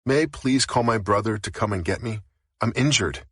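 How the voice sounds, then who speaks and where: A man's voice: fairly low pitch, moderate pace, a bit bright, breathy edge, dry recording, studio quality. A man voicing a frightened, injured young woman who pleads urgently for help in an audiobook. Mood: pleading.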